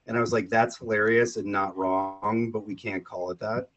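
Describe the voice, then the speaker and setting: Male astrologer, deep voice, deadpan, slightly muffled recording. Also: fairly quick, hardly any pauses. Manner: deadpan, dry humor. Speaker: astrologer co-host. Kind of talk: casual chat.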